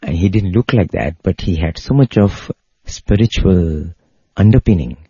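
Deep, dark, husky male storyteller, earnest and repetitive; dry, dull lo-fi sound. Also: animated, normal speed, no room sound. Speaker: spiritual speaker. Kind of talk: devotional storytelling talk. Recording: dull lo-fi recording.

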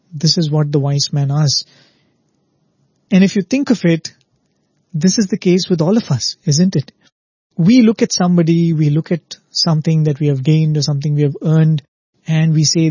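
A man's voice: a little high, normal speed, dark tone, breathy edge, no room sound. Man giving a spiritual talk, muffled. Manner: explanatory, often adds "right?" to check in with listeners. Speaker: spiritual speaker.

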